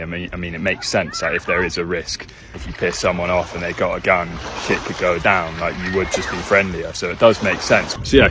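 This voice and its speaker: A British man chatting casually to camera, musing out loud with plenty of fillers. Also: deep voice, background noise. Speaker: visitor talking to camera. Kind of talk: casual vlog chat.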